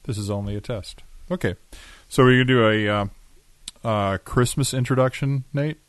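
A man's voice: medium pitch, normal speed, smooth, no room sound. A man hosting a podcast in an easygoing way, handing turns to his co-hosts and counting them in. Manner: easygoing, runs the show's cues. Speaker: podcast host. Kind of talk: casual chat.

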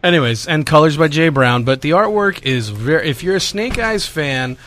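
A man's voice: a little high, moderate pace. Rambling man reviewing comics casually. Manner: relaxed, rambling, many fillers and restarts. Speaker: podcast co-host.

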